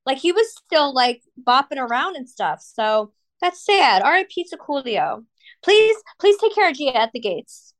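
A woman co-hosting a podcast, chatting casually in an expressive, melodramatic, joking way. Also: high-pitched, moderate pace. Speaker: podcast co-host. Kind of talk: casual chat.

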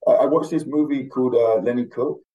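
A man's voice: mid-range voice, steady tone, a little fast, muffled recording. A young adult man, an actor guest, chatting casually and reflectively in an interview with some hesitations.

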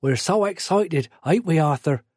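A man doing a booming, gushing farm wife. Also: big pitch swings, unhurried, warm tone, slightly rough, no echo, clean studio sound, heavily acted. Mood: excited. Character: bossy excitable middle-aged farm wife.

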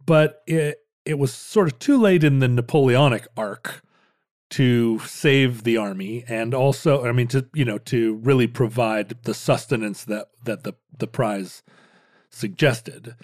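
A man's voice: mid-range voice, a little slow, a little mellow, no echo, clean studio sound. A man co-hosting a casual history chat, rambling with many restarts and playful jokes. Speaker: podcast co-host.

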